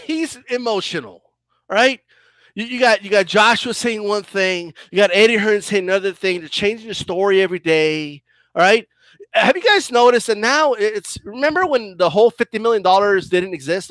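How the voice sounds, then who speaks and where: Guy ranting about boxing, high voice, swears a lot, dry close sound. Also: animated, moderate pace, a bit bright, dry recording. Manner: combative, profane, repetitive ranting. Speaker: boxing commentator. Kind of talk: heated reaction commentary.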